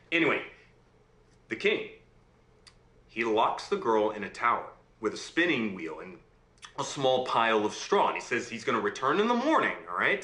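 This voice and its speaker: A man telling a fairy tale aloud in an animated way, often checking in with his listener. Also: medium pitch, exaggerated voice. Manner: animated, checks in with "right?" and "okay?". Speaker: storyteller. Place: room on a video call. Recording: roomy room sound.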